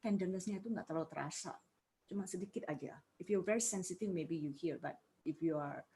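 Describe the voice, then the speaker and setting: A woman's voice: lowish voice, quick pace, warm tone, slight background noise. A woman giving a piano lecture, explaining points and putting questions to her students. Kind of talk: music lecture. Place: music studio.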